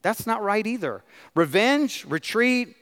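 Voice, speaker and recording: A man's voice: high-pitched, expressive, takes it slowly, fairly bright tone, clean tone. A middle-aged man, a pastor, preaching a sermon and asking his congregation questions. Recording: long hall reverb.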